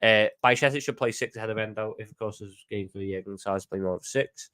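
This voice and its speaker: A man's voice: lowish voice, quick pace, a bit bright. A man with a Scouse accent chatting casually on a live stream, reading viewer questions and answering them off the cuff.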